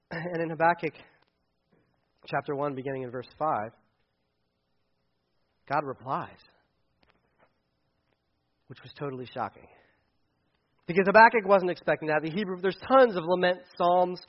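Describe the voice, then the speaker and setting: A man preaching a casual sermon as pastor, animated and conversational, acting out quotes. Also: high voice, normal speed, pauses often, lo-fi sound.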